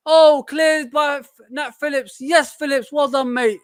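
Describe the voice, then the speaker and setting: A high-pitched man talks over a live football match in casual watch-along chat. He gets excitable and frustrated, calling out the players. The sound is dry and close. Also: normal speed, hardly any pauses, no echo.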